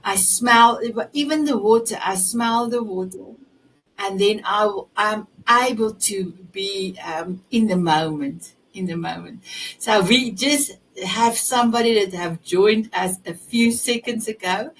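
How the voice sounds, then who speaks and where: A woman's voice: medium pitch, unhurried, fairly bright tone. Woman hosting from far off the mic. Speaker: host. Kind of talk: online talk show hosting. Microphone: video call. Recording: distant mic with faint background noise.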